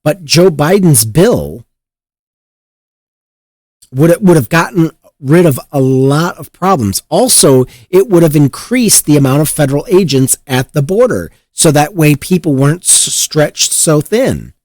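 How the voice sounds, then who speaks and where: A man hosts a political talk show and rants with heat and plenty of profanity. His voice swings widely in pitch and sits a bit high for a man. The sound is dry and close, with no room echo. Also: sing-song, unhurried, a little mellow. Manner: heated, profane, mocking voices. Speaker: political commentary host. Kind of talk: casual political commentary.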